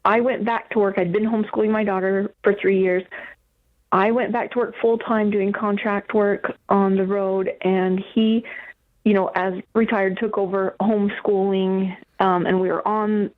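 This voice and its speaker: A woman calling in to a radio show, emotional and near tears, talking in a halting way with restarts. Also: mid-range voice, little pitch movement. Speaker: caller. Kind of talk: phone-in call. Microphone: phone. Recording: tinny phone line.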